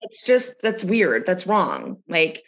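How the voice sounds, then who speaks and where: A woman's voice: on the low side, huge pitch swings, takes it slowly, a bit bright. A woman talking in a casual podcast chat, giving her opinions in a blunt way.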